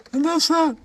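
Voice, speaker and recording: A man doing a shrill, giggling emcee. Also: heavily acted. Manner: cackles between lines.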